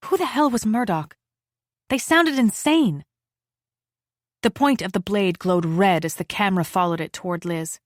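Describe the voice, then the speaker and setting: A woman narrating an audiobook thriller in a steady, measured reading, giving the characters their lines. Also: mid-range voice, no room sound, studio quality. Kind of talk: scripted narration.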